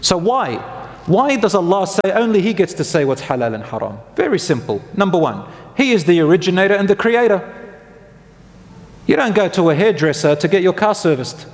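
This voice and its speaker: An Islamic preacher with a high, brisk voice and big pitch swings lectures a congregation in a conversational style. He puts questions to the audience and corrects himself as he goes, and the recording carries a long hall reverb.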